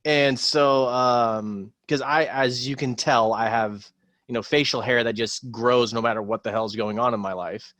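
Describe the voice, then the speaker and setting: A man, a former Marine, telling a war story in casual podcast chat, rambling with many pauses and swearing freely. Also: medium pitch, steady tone, a bit bright, no room sound.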